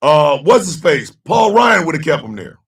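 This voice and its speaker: A man hosting a casual talk show, ranting loudly and cursing, swinging between shouting and low mutters. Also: sing-song, moderate pace, gravelly, far from the mic. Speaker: host.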